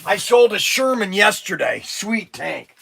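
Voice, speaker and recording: A man hosting a toy shop live stream, an excitable pitchman who rambles and breaks into shouts, his voice strained from days of nonstop talking. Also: measured pace, creaky, slightly rough. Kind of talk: casual live-stream sales talk. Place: inside a toy shop among shelves.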